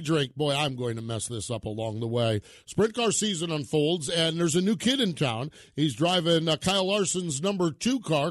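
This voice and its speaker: A man's voice: on the high side, a bit bright, no echo, studio quality. A man hosting a racing podcast in a chatty, informal way, tripping over sponsor names now and then. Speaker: podcast host.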